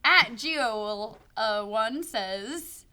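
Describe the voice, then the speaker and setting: A woman's voice: high-pitched, animated, a little fast, pushed and bright. A young woman co-hosting a casual chat show, bubbly and playful. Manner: bubbly, playful, laughs easily. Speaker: co-host.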